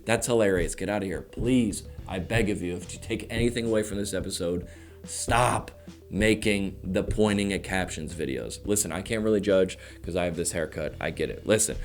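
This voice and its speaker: A man hosting his own show, talking through a casual comedic monologue with rambling jokes and quick self-mocking asides. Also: low-pitched, faint music behind. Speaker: stand-up comedian, show host.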